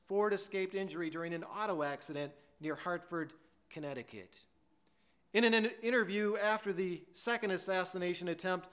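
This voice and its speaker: A man's voice: high-pitched, a bit bright. A man preaching a sermon, telling a story earnestly and with emphasis, now and then stumbling over a word. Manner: earnest, emphatic storytelling with some stammered restarts.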